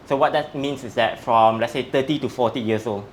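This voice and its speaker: A man's voice: mid-range voice, brisk, slight background noise. A man, a strength coach, explaining in an interview in a methodical, step-by-step way. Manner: methodical, breaks facts down step by step.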